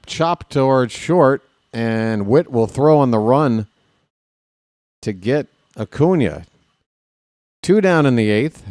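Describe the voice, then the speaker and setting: A man's voice: mid-range voice, darkish tone, dry recording, studio quality. A man calling baseball play-by-play for his stream, with casual, self-deprecating asides to viewers.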